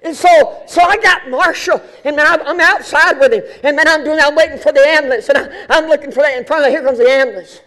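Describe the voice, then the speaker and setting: High-voiced man telling a sermon story. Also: fast, hardly any pauses. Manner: animated, colloquial, repeats and restarts words. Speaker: pastor.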